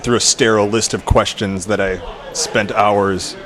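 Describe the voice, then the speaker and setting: A man hosting a casual interview, talking in a relaxed, rambling way. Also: fairly low pitch, measured pace, a crowd in the background. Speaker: podcast host.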